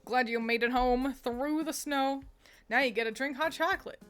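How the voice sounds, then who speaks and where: A woman's voice: sits high, normal speed, fairly bright tone, soft background music. A young woman from the United States streaming and chatting casually with her viewers, rambling with frequent laughter and restarts. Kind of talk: casual chat with chat readers.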